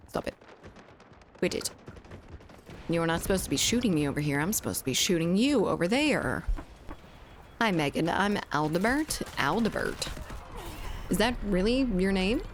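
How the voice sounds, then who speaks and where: A woman's voice: lowish voice, a little hiss or hum. Chatty Southern US woman streamer. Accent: mild Southern US. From southern United States. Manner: chatty, reads chat aloud, laughs often. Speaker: game streamer. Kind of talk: casual live-stream chat while gaming.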